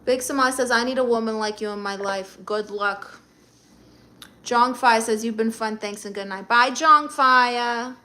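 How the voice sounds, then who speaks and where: A woman's voice: fairly high pitch, steady tone, normal speed, fairly bright tone. A middle-aged woman with a Brooklyn accent, hosting a live stream and reading chat comments aloud with blunt, sassy comebacks.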